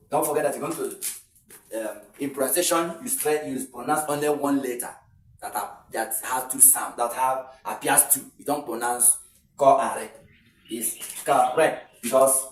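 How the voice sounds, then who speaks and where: Male English teacher, exam-prep pronunciation lesson; drawn-out repeated words, lots of ums; roomy sound, mic set back from him. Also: mid-range voice. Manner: repeats words slowly, with frequent hesitant fillers. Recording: roomy sound from a distant mic with faint noise.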